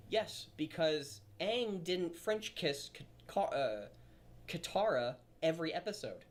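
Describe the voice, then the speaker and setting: A man's voice: on the high side, lively intonation, slow pace. A man giving opinionated video commentary, rambling and stumbling over his words.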